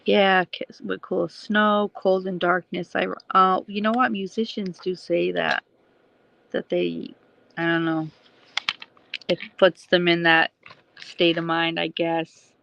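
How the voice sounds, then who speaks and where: A woman's voice: lowish voice, flat delivery, slow pace, gravelly, fairly bright tone, highs cut off, a little hiss or hum. A woman hosting a casual livestream, rambling chattily at night from home and answering viewers' comments. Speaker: livestream host.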